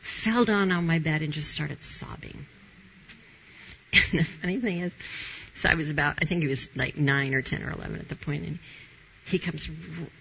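A woman's voice: low voice, moderate pace, vocal fry, pauses often, a bit bright, muffled recording, slight background noise. A middle-aged woman giving a candid Christian testimony on a talk show, telling her story with animation and frequent laughs. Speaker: guest sharing testimony.

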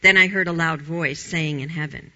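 A woman's voice: low voice, steady tone, normal speed, bright, forceful tone, highs cut off. A woman giving a conversational Bible teaching in an informal, emphatic way, repeating her key phrases.

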